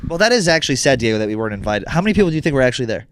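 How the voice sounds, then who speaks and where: A man's voice: medium pitch, big pitch swings, rapid-fire. A man co-hosting a podcast, asking questions in a wry, joking way. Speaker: podcast co-host. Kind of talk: casual banter.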